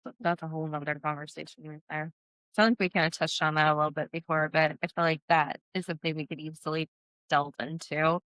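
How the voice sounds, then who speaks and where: A woman co-hosts a podcast, reflecting on what she hears and backing her partner with quick agreeing replies. Her voice sits low for a woman. It is recorded dry and close. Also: fairly even intonation, fairly bright tone, no room sound. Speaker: podcast co-host. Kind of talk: casual chat.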